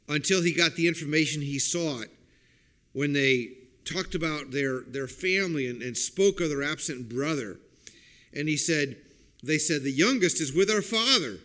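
A man preaching a sermon as a pastor, explaining a passage and checking in with listeners with "okay?" and "right?", and breaking into loud acted-out quotes. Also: fairly high pitch. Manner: acts out quoted lines with sudden loud outbursts.

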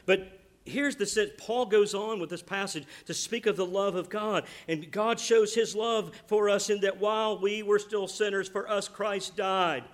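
Earnest preacher with emphatic swells. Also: male voice, sits high, fairly even intonation, measured pace. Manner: earnest, emphatic preaching with swings from soft to loud. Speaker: pastor. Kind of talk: sermon.

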